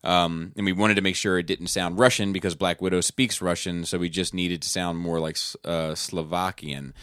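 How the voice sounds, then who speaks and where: A man's voice: sits low, fairly even intonation, normal speed, fairly bright tone, clear, resonant tone, no room sound, studio quality. A man in casual podcast chat, rambling with many fillers and restarts.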